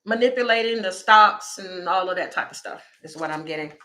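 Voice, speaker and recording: A woman, doing a casual livestream tarot reading and talking straight to her viewers in a chatty, animated way. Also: lowish voice, a little fast. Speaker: tarot reader.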